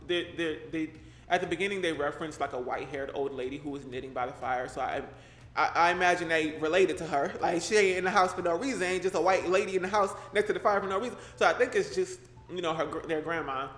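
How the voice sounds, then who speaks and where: A young man with a fairly high voice talks fast while live streaming, reading a horror story aloud. He's animated, slangy and joking, often breaking off to react to chat, and the audio has a roomy echo with faint background noise.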